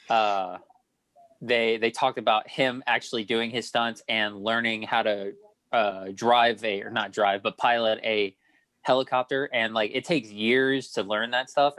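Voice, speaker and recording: A man of ordinary pitch talks loosely on a film podcast, circling back and correcting himself as he tells a story. The sound is close and dry, with no room around it. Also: bright, forceful tone, no room sound, rough recording. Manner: rambling, self-correcting, storytelling. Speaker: podcast co-host. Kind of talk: casual chat.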